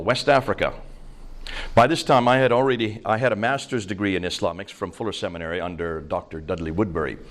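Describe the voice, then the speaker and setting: An older man with an American accent and a lowish voice gives a seminar lecture to a live audience. He talks in an emphatic, conversational way, telling stories with easy fillers. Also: a bit bright. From India. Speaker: speaker at a seminar.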